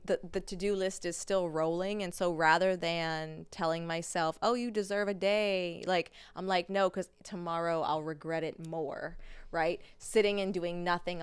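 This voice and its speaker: A woman's voice: fairly low pitch, smooth, no echo. A young woman co-hosting a faith podcast, talking casually and earnestly about how she handles being tired. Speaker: podcast co-host.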